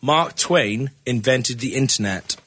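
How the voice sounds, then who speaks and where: A man's voice: medium pitch, animated, measured pace, fairly bright tone, slight background noise. A man hosting a comedy podcast quiz segment, rambling and hesitant, with lots of fillers and laughter. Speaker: podcast host presenting a quiz feature. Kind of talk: casual comedy podcast banter.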